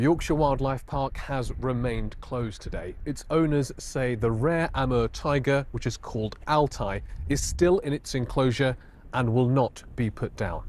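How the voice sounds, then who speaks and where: A man reporting for a news bulletin in a steady, formal delivery. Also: mid-range voice, far from the mic, slight background noise.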